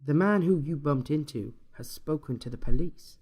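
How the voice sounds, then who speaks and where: A man voicing a small, friendly Irishman who talks in a soft, relaxed and knowing way. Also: a little high, close to an everyday voice. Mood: calm, knowing. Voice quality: soft-spoken. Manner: relaxed, unhurried.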